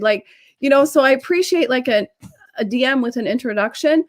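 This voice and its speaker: A woman coaching on business networking in a casual live-stream chat over a video call, talking in quick asides full of fillers. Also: high-pitched.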